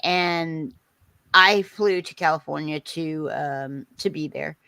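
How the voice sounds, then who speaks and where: Middle-aged woman host, animated anecdote teller, dry close mic. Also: deep voice, takes it slowly, gravelly, no room sound, poor audio. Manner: animated storyteller, acts out quotes, laughs often. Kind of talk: casual storytelling chat.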